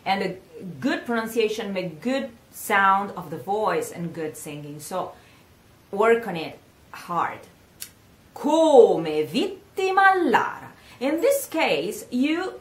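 Italian woman teacher going over pronunciation real slow, lots of repeating, roomy echo. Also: medium pitch. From Italy. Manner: slow, patient, repeats words for practice. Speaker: singing teacher. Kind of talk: pronunciation lesson. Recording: echoey room.

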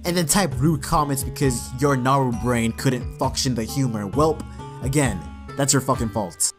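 A man's voice: mid-range voice, moderate pace, over music. A man YouTuber delivering a profane, mocking comedic rant to his viewers. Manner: profane, mocking, animated ranting.

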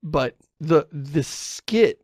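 A man's voice: on the high side, expressive, extremely slow, a little mellow, no room sound, studio quality. A man co-hosting a podcast in casual chat, rambling and correcting himself as he goes, often chuckling. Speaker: podcast co-host.

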